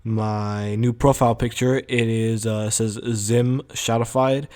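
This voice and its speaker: A man's voice: fairly low pitch, slow. A young man telling a story from school in a casual vlog, full of fillers and swearing. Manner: rambling, profane, animated storytelling with many fillers. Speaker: vlogger.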